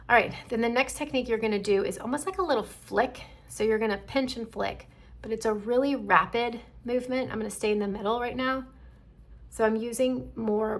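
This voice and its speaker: A middle-aged woman, an esthetician, calmly walking viewers through a skincare demonstration and checking in often. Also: fairly high pitch, creaky. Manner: calm instructive, checks in with "okay?".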